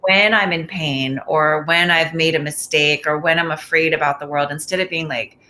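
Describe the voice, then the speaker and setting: A woman answering as an expert guest in a calm, measured, explanatory way. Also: sits low, slight background noise. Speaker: mindfulness expert and author. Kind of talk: interview answers.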